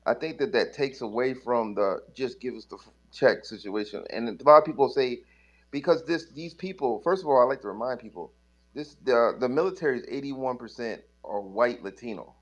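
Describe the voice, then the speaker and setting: A man's voice: mid-range voice, normal speed. A man in a podcast discussion who interrupts and stammers, arguing emphatically. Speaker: co-host. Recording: dull lo-fi sound.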